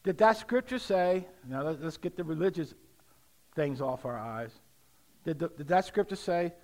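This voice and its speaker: A middle-aged man preaching a sermon, leading call-and-response and rising to shouts. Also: fairly high pitch. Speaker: pastor.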